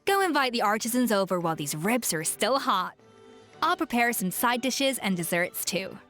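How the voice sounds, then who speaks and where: A woman voicing a composed, polite female chef in a video game, speaking in a measured, courteous way over game music. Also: on the high side, very animated, fairly bright tone.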